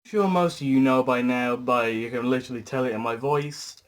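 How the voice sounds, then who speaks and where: A man's voice: mid-range voice, a little fast. A young British man talking casually to camera in a rambling, chatty vlog with fillers. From Britain. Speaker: YouTuber.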